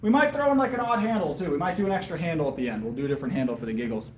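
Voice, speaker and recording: A man talks loosely to his viewers. He rambles and answers their questions with easy laughs. His voice sits slightly high, over a faint hum of background noise. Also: animated, rapid-fire, roomy sound. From Southern US. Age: 30s. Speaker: powerlifting livestreamer. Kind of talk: casual live-stream chat between sets.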